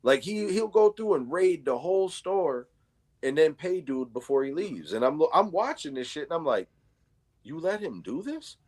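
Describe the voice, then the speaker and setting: A man's voice: fairly high pitch, sing-song, normal speed, darkish tone. A man in casual chat, telling a story with slang and swearing. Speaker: livestream co-host.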